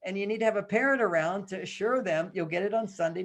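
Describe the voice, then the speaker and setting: A man, a guest in an interview, telling a parenting story in an animated way and acting out the dialogue. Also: sits high, quick pace, hardly any pauses. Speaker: guest author.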